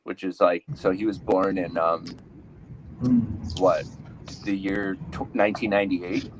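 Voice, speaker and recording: A male comedian in his thirties spins a meandering story in a fairly low voice. He halts often, stacks up fillers and restarts mid-sentence. A faint hiss sits beneath the recording. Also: steady tone. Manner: rambling, halting delivery with many fillers and restarts. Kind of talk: stand-up storytelling.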